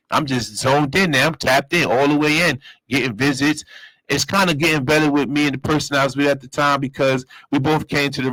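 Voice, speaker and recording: Man, storyteller, animated and profane, plays everyone in his tale, dry close mic. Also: mid-range voice, dry recording, rough recording. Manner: animated, acts out other people's voices, profane slang. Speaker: storyteller host. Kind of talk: casual storytelling.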